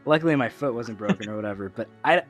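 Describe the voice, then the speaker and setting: Animated man telling a funny story. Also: medium pitch, fast talker, faint music behind. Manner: animated, laughing, acts out quoted voices. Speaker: podcast host. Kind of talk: casual storytelling chat.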